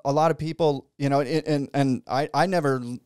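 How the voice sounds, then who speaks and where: A man's voice: on the high side, steady tone, a little fast, darkish tone, smooth, dry recording, clean studio sound. A man hosting a podcast interview, talking in a loose, rambling way with lots of restarts and easy laughs. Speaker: podcast host. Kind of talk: casual interview chat.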